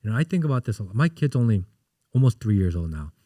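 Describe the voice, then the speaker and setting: A man in his thirties talks through stories as a podcast guest, with a somewhat low voice. He gets animated and acts out the lines of the people in his stories. The sound is dry and close, with no room in it. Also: quick pace, no room sound. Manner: animated storyteller, acts out quotes. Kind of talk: casual interview chat.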